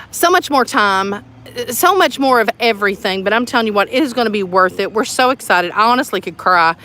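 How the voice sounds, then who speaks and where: A woman hosts a casual livestream outdoors at a building site. Her voice sits a little high and rings bright. She talks in an excited, chatty way that rambles from one thought to the next. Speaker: tiny home community host.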